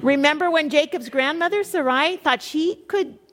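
Brief: female Bible teacher, chatty asides between readings, high voice, reverberant hall. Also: normal speed, slight background noise. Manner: expressive, conversational, with rhetorical asides. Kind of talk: Bible study teaching for women.

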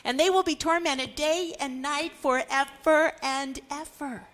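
Woman Bible study teacher, middle-aged, earnest, emphatic, fairly high voice. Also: fairly even intonation, a little slow, a bit bright. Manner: earnest, building to emphatic declarations.

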